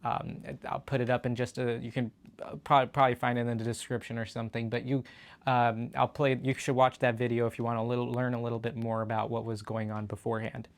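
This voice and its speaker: A man's voice: mid-range voice, flat delivery, fast talker. Chatty male host of a political show. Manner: conversational, with frequent fillers and restarts. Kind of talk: casual political news commentary.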